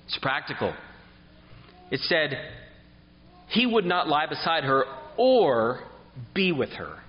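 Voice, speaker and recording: A man's voice: a little high, big-room sound, dull audio. A man preaching an expository sermon who reads scripture aloud and asks his listeners questions.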